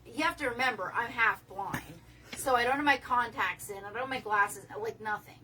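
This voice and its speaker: Bright-voiced rambling woman telling a story. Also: a little high, brisk, recorded from a distance, rough recording. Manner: rambling, restarts a lot, swears casually. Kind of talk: casual livestream storytelling.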